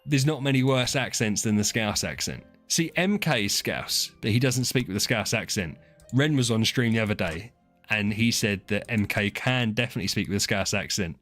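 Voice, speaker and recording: A man's voice: on the low side, lively intonation, normal speed, fairly bright tone, faint music behind. A man from England, streaming and chatting casually with his viewers in a teasing, rambling way. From southern England. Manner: chatty, teasing, frequent restarts and laughs. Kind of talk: casual chat with chat readers.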